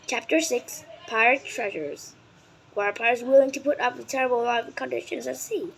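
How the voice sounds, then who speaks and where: A fairly high-voiced woman from Vietnam reads a children's book aloud in English, which is not her first language. She reads slowly and with care, sometimes tripping over a word and starting it again. A faint hum sits under her voice. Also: gravelly, poor audio. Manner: careful and deliberate, sometimes stumbling and correcting words. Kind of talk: reading a nonfiction book aloud.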